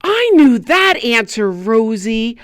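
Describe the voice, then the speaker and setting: A woman's voice: on the high side, takes it slowly, no room sound, studio quality. A woman playing Andy, an eager little boy. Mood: excited. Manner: excitable, gasping, playful. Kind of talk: children's bilingual lesson.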